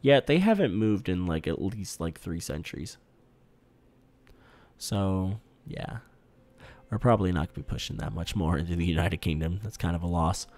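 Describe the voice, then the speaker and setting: A man's voice: low voice, expressive, moderate pace, darkish tone. Chatty young man narrating a strategy game. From United States. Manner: loose, swearing, chatty thinking aloud. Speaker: gaming YouTuber. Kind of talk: strategy game let's play commentary. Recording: game music in the background.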